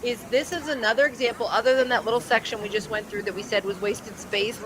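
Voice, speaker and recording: A woman's voice: fairly high pitch, steady tone, quick pace, a crowd in the background, rough recording. A woman chatting enthusiastically in a casual group ride commentary, with lots of "like".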